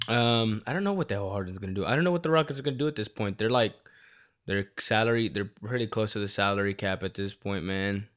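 A young man in his twenties with a lowish voice rants in casual chat. His delivery is animated and heavy on slang and swearing. He sounds loose and unscripted throughout. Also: fast talker. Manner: animated, profane, slangy storytelling.

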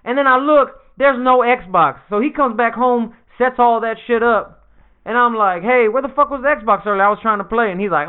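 A man's voice: very high-pitched, normal speed, clear, resonant tone. A young man in casual chat, slangy and laid-back, swearing freely, recovering from surgery. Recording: tinny lo-fi phone-like sound.

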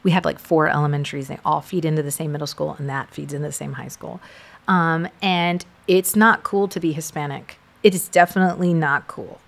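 A middle-aged woman from South Texas talks through her memories in a relaxed conversation. Her voice sits low with a gravelly, creaky texture. She tells it in an animated, filler-heavy way. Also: fairly quick. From South Texas, USA. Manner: animated storytelling with many fillers. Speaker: guest sharing her story. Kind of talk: casual conversation.

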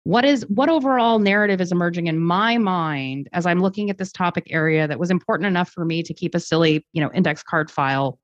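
A woman with a lowish voice talks in an articulate, reflective way, stopping to rephrase and adding fillers as she thinks. The sound is dry and a little dull, with no room around it. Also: quick pace, few pauses, no room sound. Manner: thoughtful, articulate, with fillers and restarts. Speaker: guest speaker. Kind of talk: conversational podcast interview. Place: lives in Germany.

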